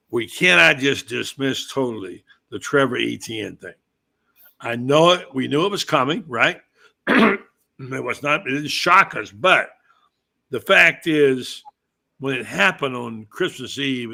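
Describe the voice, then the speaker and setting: A male podcast host in casual sports chat, telling his points in a loose, rambling way. His voice is gravelly with a bright, forward edge, sitting at an ordinary male pitch. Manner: rambling, conversational storyteller.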